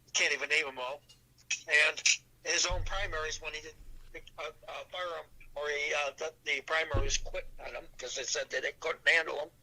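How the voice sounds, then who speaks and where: A man's voice: fairly high pitch, pushed and bright, low-quality recording. An older man, a podcast guest, telling long rambling stories in casual chat, with restarts and fillers.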